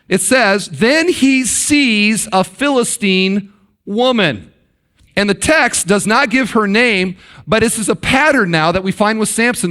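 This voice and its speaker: A middle-aged pastor with a fairly high voice, preaching to his congregation. He talks conversationally, drops into hushed dramatic pauses, and acts out the quotes he reads. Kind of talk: sermon.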